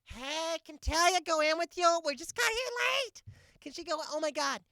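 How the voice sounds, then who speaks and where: A man voicing a frantic, gushing suburban mother yelling from her car window, shrill and breathless, repeating herself over and over. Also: expressive, moderate pace, no echo, clean studio sound, full character voice.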